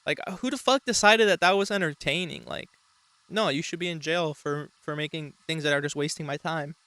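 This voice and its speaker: A man's voice: a little high, a little fast, pushed and bright, a little hiss or hum. A man hosting a show, talking in a rambling, mock-serious casual way with frequent swearing. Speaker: show host. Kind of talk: casual comedic commentary.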